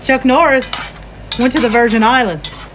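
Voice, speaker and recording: A woman's voice: on the high side, moderate pace, noisy background. A woman chatting casually in a home kitchen, giggling as she tells jokes. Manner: giggly, reads jokes aloud. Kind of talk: casual live stream chat while cooking.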